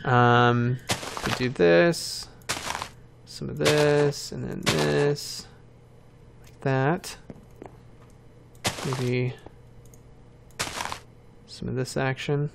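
A man's voice: medium pitch, fairly even intonation, very slow, gravelly, pauses often, noisy background. A man hosting a game channel, giving casual commentary while building and thinking aloud, with self-mocking asides.

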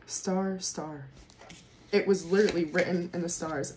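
A woman doing a casual tarot reading to camera, excitable, swearing freely and laughing often. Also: fairly low pitch, measured pace, noisy background. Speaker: tarot reader.

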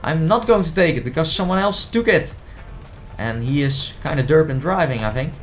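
A man's voice: on the high side, animated, moderate pace. Man, playful gameplay commentator, easily exasperated, faint music underneath. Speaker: gaming commentator.

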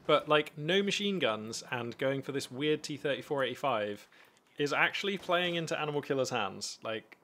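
A man giving animated live commentary on a strategy game from a home streaming setup, thinking aloud with frequent restarts. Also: mid-range voice, normal speed.

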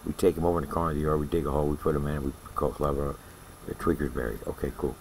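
An older man with a very deep, gravelly voice tells a story from his prison days. He talks bluntly and swears freely, often tossing in a quick "all right?" to keep the listener with him. A faint background hiss stays under his voice. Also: level tone, darkish tone, poor audio. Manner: blunt and profane, tags lines with "all right?". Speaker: former prison inmate telling a story. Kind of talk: casual spoken storytelling.

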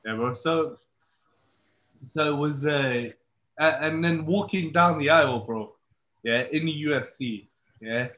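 A man's voice: a little high, measured pace, pauses often, a little hiss or hum. A man hosting a podcast, talking loosely and peppering his questions with "bro" and "yeah". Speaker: podcast host. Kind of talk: casual interview chat. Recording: echoey, muffled lo-fi audio.

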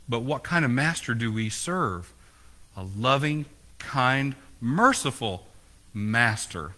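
Man, pastor, preaching a sermon, bright tone, asks the congregation questions. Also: medium pitch, animated, slow. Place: church.

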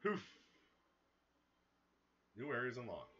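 A man giving casual, excitable commentary as he plays a video game, breaking into sudden loud outbursts. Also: mid-range voice, slow pace, lo-fi sound. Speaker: gaming streamer. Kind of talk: casual let's-play commentary.

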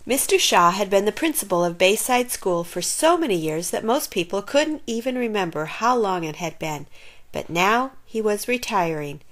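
A woman reading a children's picture book aloud with expressive storytelling. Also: mid-range voice, normal speed. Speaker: narrator.

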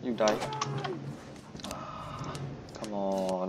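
A man's voice: on the low side, level tone, normal speed, creaky, noisy background. A man giving casual gameplay commentary, often exclaiming in frustration at the game.

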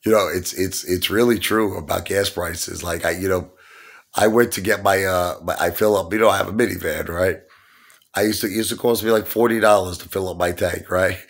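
Middle-aged New man, fed-up vlog rant, lowish voice, lots of rhetorical questions. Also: steady tone, fairly quick. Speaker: online stock vlogger. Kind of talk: ranting vlog monologue.

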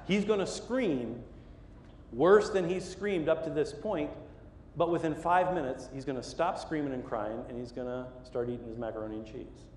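A man's voice: a little high, lively intonation, moderate pace, reverberant, long reverb tail, noisy background. A middle-aged man preaching a sermon, telling a story with lots of energy and acting out the voices and sounds. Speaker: pastor. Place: church sanctuary.

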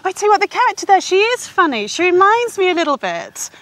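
A woman's voice: very high voice, big pitch swings, fast, a bit bright. A woman from England presenting a daytime TV interview, gushing and affectionate, calling guests darling.

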